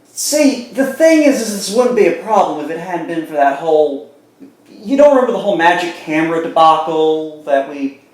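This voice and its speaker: A man's voice: a little high, expressive, a little fast. A man playing a tabletop role-playing game, with laid-back, joking asides. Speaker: player. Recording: very echoey room.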